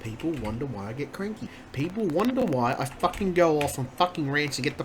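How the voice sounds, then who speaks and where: A man's voice: on the high side, expressive, brisk, hardly any pauses. A man streaming live and ranting, cursing nonstop and muttering in exasperation. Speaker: gaming streamer. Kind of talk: casual live-stream rant. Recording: noisy room ambience.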